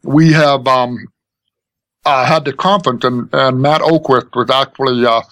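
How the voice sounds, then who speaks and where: A man in his fifties from Maine talks as a podcast guest, his pitch in a middle range. He speaks earnestly and hesitantly, with lots of uh and um. The recording is dry, with no room echo. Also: fairly even intonation, unhurried, fairly bright tone. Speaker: guest, school technology director. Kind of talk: podcast interview.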